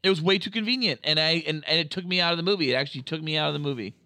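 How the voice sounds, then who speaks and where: A male podcast host chats about a movie in an animated, joking way and swears freely. His voice sits fairly high and sounds bright and forward. The recording is close and dry. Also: racing, no echo. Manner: animated, profane, jokey. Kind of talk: casual film review chat.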